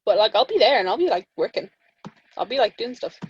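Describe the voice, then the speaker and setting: Speaking fast in a sing-song, mid-range voice with a slightly rough edge, this young Irish podcast co-host chats casually, tells stories, laughs a lot and acts out quotes. The recording is dry and the podcast audio muffled.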